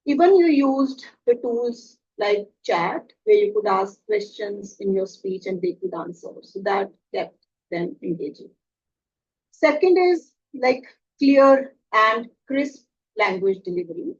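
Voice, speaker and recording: A woman's voice: mid-range voice, animated, measured pace, husky, dull audio. A woman evaluating a speech at an online club meeting, giving encouraging, structured feedback point by point.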